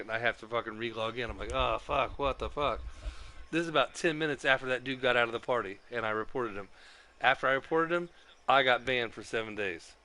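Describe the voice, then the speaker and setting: A streamer with a medium-pitched, sharp-toned voice tells the story of being banned from an online game. He curses nonstop and complains in an agitated, ranting way.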